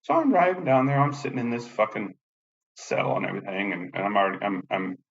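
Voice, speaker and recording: A man's voice: lowish voice, lively intonation, fast, creaky. A man who is a disabled veteran telling a long personal story in a rambling, profane way, often repeating himself, in a dull lo-fi recording. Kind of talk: casual spoken storytelling. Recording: dull lo-fi recording with faint background noise.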